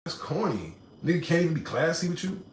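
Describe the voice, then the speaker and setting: A man hosting a casual livestream, reading out comments and telling a story in animated, slangy talk with laughs. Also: a little high, quick pace, roomy sound, background noise. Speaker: livestream host. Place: home room.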